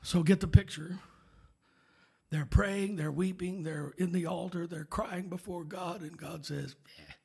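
A man preaching a sermon, rising to shouts and dropping to near whispers, with call-outs to his congregation. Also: high-pitched, steady tone, a little slow, gravelly, slightly rough. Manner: swings from shouted exhortation to hushed, near-whispered asides. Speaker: pastor.

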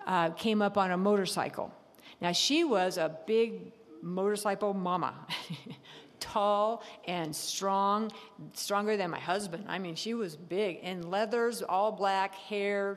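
Woman telling a church story, reverberant hall. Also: mid-range voice. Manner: animated storytelling with laughs and acted-out inner voices. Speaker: speaker at a church service. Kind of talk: sermon with personal story.

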